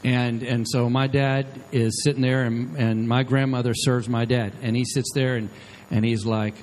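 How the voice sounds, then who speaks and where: The audio is poor as a man with a mid-range voice preaches at a moderate pace, holding a microphone before a live audience. He storytells with animation, performing the lines of the people he describes.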